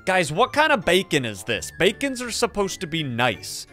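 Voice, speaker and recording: Excitable high-voiced male gamer. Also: normal speed. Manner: excitable, jokey narration with reactions. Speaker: gaming YouTuber. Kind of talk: Let's Play commentary. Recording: faint music behind.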